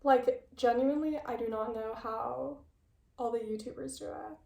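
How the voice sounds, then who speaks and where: A woman's voice: a little high, steady tone, moderate pace, gravelly, dark tone, recorded from a distance. A young woman talking casually in a video essay and reading passages aloud. She chats and interrupts herself with playful asides, and she sounds a little out of breath. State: slightly out of breath. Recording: echoey room, voice a bit off-mic.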